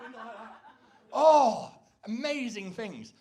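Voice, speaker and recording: A man performing a rambling, self-deprecating stand-up comedy set on stage, breaking into loud, shrill impressions. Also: expressive, moderate pace. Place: stage before a live audience.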